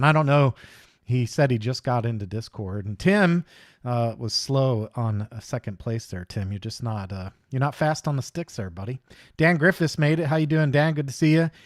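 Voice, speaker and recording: A middle-aged man hosts a casual livestream, rambling easily and greeting viewers one by one. His voice sits at an ordinary middle pitch. The sound is dry, with no room echo. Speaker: host of a live hobby stream.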